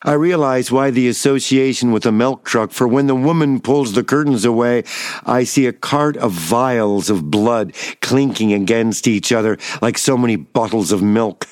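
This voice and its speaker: A man giving a measured, wry first-person reading of a personal memoir. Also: mid-range voice, dry recording, clean studio sound.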